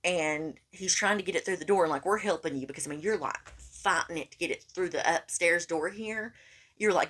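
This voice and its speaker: Woman podcaster, lower register, animated casual storyteller who keeps saying "honey.". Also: fairly quick. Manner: animated, acts out quoted lines, calls listener honey. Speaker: podcast co-host.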